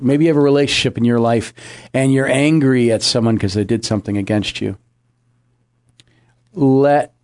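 A man's voice: mid-range voice, dry recording, clean studio sound. A man, a pastor, giving an earnest devotional message and repeating key phrases for emphasis. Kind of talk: devotional preaching.

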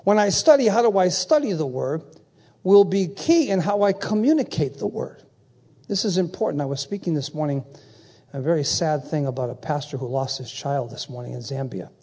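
A man's voice: fairly high pitch, expressive, moderate pace, mellow, husky. A middle-aged man preaching a sermon, asking his listeners to answer and fill in his sentences. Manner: call-and-response preaching, quizzing the audience. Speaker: pastor.

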